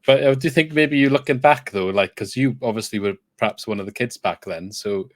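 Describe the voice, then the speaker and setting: A man's voice: mid-range voice, fairly quick, no room sound, clean studio sound. A young man hosting a podcast, chatting casually, laughing easily and asking encouraging follow-up questions. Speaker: podcast host. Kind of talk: casual interview chat.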